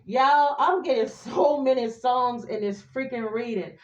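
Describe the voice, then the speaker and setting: A woman's voice: a little high, measured pace, roomy sound, muffled recording. A woman doing a casual tarot reading for her viewers, sassy and chatty, now and then singing a few lines. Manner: chatty, sassy, breaks into snatches of song. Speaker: tarot reader.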